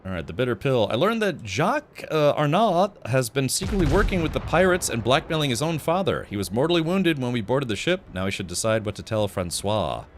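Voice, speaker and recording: A man hosting a casual gameplay livestream, chatting in a lively way with quick asides as he plays. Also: mid-range voice, slight background noise. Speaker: streamer. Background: game music.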